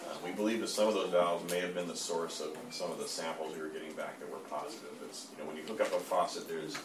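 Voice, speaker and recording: A man, an engineer, giving a measured report in a meeting, with plenty of fillers. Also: deep voice, fairly even intonation. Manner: plain, measured, halting with fillers. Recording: echoey room, distant mic, noisy.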